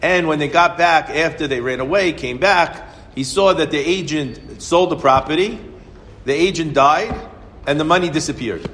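A man's voice: a little high, moderate pace. A man giving a Torah lecture, telling a story and acting out each character's lines. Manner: animated storyteller acting out dialogue. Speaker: Torah teacher. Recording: reverberant hall, faint ambient noise.

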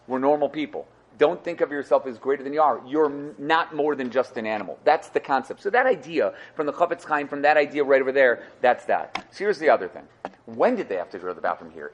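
A man leads a Torah class in a mid-pitched voice, working through sources and answering students. He talks in an explanatory way, posing rhetorical questions and repeating key phrases for emphasis. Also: dull audio. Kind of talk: lively explanatory class talk.

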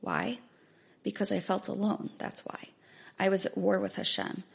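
Gravelly husky woman reading a memoir. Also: mid-range voice, big pitch swings, normal speed. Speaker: memoir narrator. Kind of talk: first-person memoir reading.

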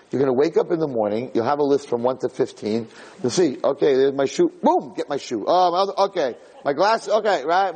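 In an echoey hall, a man acting as a rabbi gives a storytelling class to a live group, rambling with restarts and rising to loud, high peaks.

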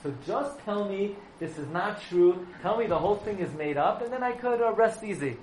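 A man acting as a worried widow who cannot sleep, pleading earnestly for reassurance. The voice sits a little high and rings in an echoey room. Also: expressive, moderate pace, slight background noise.

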